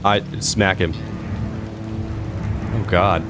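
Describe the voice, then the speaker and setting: A man's voice: sits low, steady tone, very slow. A man casually commenting while playing a game, chatty, playful and wry. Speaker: gameplay host. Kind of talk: casual let's-play commentary. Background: game music and rain.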